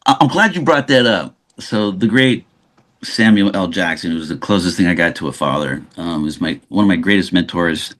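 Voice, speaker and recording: A man from Los Angeles with a somewhat low voice speaks as a guest in a relaxed interview. He is a lively storyteller who slips into the voices of the people in his anecdotes. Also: normal speed. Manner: animated storyteller who acts out quoted dialogue. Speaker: actor guest.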